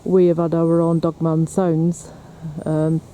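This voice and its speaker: A high, mellow-toned man talks casually to camera, teasing his companion as they walk through woods. Faint wind and outdoor noise sit under the handheld recording. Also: monotone, slow. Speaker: paranormal investigator vlogger. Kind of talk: casual outdoor vlog narration. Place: outdoors on a windy hill and in woods.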